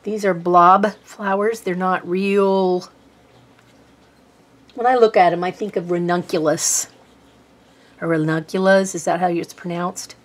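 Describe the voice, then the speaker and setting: A woman's voice: fairly low pitch, steady tone, a little slow. A woman from Texas with a Norfolk, Virginia accent, chatting casually and rambling a little as she paints on her art vlog. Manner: rambling, chatty, self-deprecating. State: tired. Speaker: art vlogger. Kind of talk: casual chat while painting.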